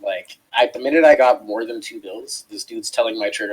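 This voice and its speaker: A man's voice: on the low side, brisk, slightly rough, poor audio. A man co-hosting a casual chat show, telling a long, profane story and acting out the people in it. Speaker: co-host.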